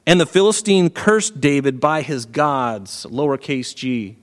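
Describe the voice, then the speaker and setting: A man preaching a sermon who works through Bible verses with animated, emphatic storytelling, heard in an echoey hall. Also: fairly high pitch, moderate pace, hardly any pauses.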